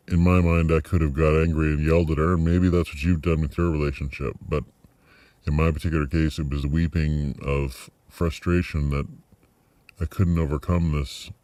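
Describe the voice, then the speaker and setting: A middle-aged man talking through a personal video diary, reflective and halting, with many fillers and restarts. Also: rumbling low, level tone, mellow, dry recording. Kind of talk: personal vlog monologue.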